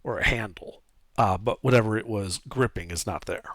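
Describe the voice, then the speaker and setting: A man's voice: fairly low pitch, a bit bright, no echo. Dry-voiced man running a tabletop game. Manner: descriptive, halting with fillers. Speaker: game master. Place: streamed online session.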